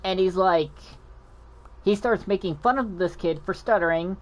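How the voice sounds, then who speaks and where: This man, whose voice is high and pace moderate, hosts a gaming channel and tells stories in a loose, chatty way. He stutters, mumbles, and rambles, often starting over or doubling back when he loses track.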